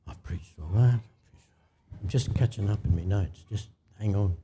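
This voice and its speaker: In a low, dark voice at normal speed, an Australian pastor gives an informal, talkative sermon and asks the congregation to answer him. There's slight background noise.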